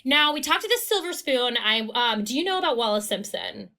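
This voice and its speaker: Bright-voiced chatty woman. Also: fairly high pitch, brisk. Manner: chatty, animated, filler-heavy storytelling. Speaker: podcast co-host. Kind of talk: casual recap chat.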